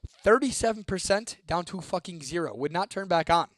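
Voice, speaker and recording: A young man tells his viewers a spooky story, swearing freely and keeping it lively. His voice sits a little high for a man, and the sound is dry and close with no room echo. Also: moderate pace. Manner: profane, animated, reads a viewer comment aloud. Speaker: host.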